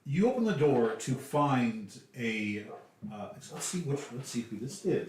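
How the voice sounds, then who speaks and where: A man's voice: medium pitch, very animated, measured pace, a little mellow, a little hiss or hum. A man with a Southern American accent narrating as game master, casual and chatty with many fillers. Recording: echoey room, distant mic.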